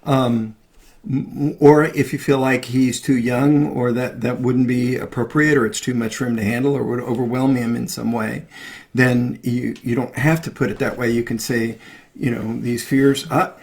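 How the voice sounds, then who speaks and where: A man, a past life regression therapist, giving gentle coaching advice in a casual live stream chat. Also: mid-range voice, fairly even intonation, normal speed. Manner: gentle, coaching, acts out parent and child talk.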